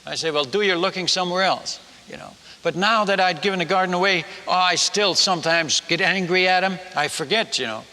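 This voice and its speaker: A man telling a personal story in a sermon, chatty and animated, stumbling over restarts and asking the audience questions. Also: high-pitched, fairly quick. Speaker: missionary preacher. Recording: echoey hall.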